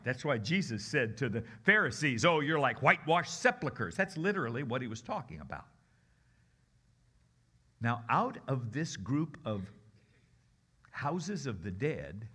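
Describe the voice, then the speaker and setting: A guest preacher gives a sermon in a mid-range voice with a breathy edge, telling the story in a conversational, expressive way and swinging between loud and hushed delivery.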